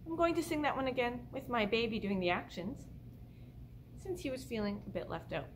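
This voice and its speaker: A young woman leading a baby storytime as a children's librarian, talking in a gentle sing-song voice and singing simple songs and rhymes. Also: fairly high pitch, expressive, brisk, a little hiss or hum. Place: indoors, room at a library. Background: light ukulele accompaniment.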